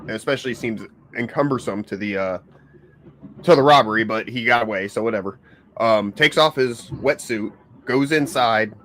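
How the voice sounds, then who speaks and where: A man's voice: lowish voice, fairly bright tone, a little hiss or hum. Laid-back, foul-mouthed podcast host man. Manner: laid-back, swears freely, many fillers. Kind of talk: casual livestream podcast chat.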